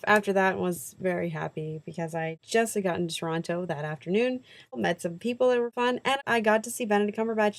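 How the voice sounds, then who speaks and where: A woman's voice: mid-range voice, fast talker, no echo. A young woman telling festival stories in a chatty, self-mocking vlog, acting out bits of dialogue. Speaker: vlogger. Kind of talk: casual festival vlog storytelling.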